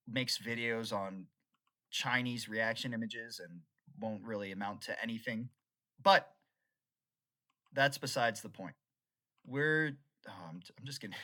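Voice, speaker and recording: An animated young man rambles unscripted in a casual vlog, his voice bright and sharp. His pitch swings widely as he jumps from excited laughter to mock-solemn seriousness. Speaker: YouTuber.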